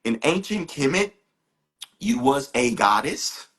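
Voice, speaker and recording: Excitable man hosting a spiritual live stream. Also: medium pitch, slow. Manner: enthusiastic, repetitive, salesy asides. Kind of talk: casual live-stream chat and reading.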